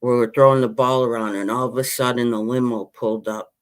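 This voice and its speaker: Here a fifties-aged man from Western New York, hosting a podcast, delivers a heated and meandering fan's rant about his team in casual talk. The voice is mid-range and smooth, fairly quick, with fairly even intonation.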